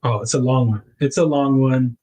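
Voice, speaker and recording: A man's voice: medium pitch, normal speed, a little mellow, slightly rough, low-quality recording. A man hosting a casual livestream, rambling and correcting himself with little laughs as he packs things up. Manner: narrates while packing items. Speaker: livestream host.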